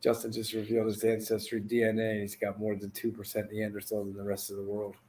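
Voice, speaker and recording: A man's voice: fairly low pitch, monotone, quick pace, darkish tone. A man hosting a podcast, telling profane stories and teasing his co-host in casual chat. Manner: profane storyteller, dry teasing.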